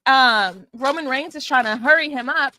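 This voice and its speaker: A young woman co-hosting a podcast, casually retelling events in an animated way, acting out what people said. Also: sits high, moderate pace. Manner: chatty, animated retelling with quoted asides. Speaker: podcast co-host. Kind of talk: casual chat recapping wrestling.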